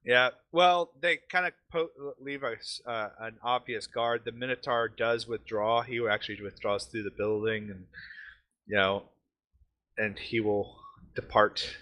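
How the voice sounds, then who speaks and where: Bright-voiced male game master. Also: medium pitch, measured pace. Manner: relaxed, explanatory, many fillers. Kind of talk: casual tabletop narration.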